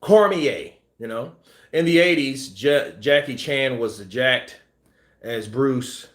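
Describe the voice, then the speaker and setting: Man, boxing channel host, casual live-stream chat, lively swinging pitch, echoey room. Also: slow. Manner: animated, acts out scenes with shouts and sound effects. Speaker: boxing news commentator.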